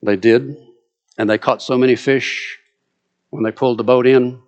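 A man's voice: mid-range voice, steady tone, moderate pace. A man preaching a sermon, retelling a story with drama and vivid asides.

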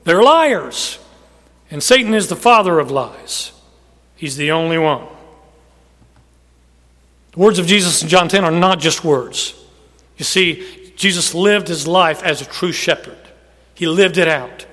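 A high-pitched male pastor preaches with emphasis, pushing some phrases out loud and letting others sink to a near hush. His voice rings out with a long reverb, as if in a large hall. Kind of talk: sermon.

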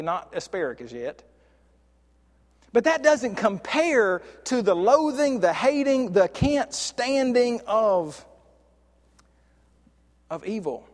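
High-voiced preacher in reverberant hall. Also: male voice. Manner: conversational, with frequent restarts and slow stressed words. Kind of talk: sermon.

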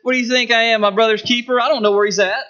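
A man's voice: extremely high pitch, steady tone, very fast, sharp tone, clear, resonant tone, voice pushed up. A man preaching, voicing a guilty, frightened young man who pleads and talks back. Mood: defiant. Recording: dull lo-fi recording.

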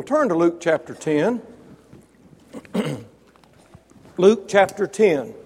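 A man preaching a sermon, building to loud emphatic peaks, then dropping low, with wry asides to listeners by name. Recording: long reverb of a large hall.

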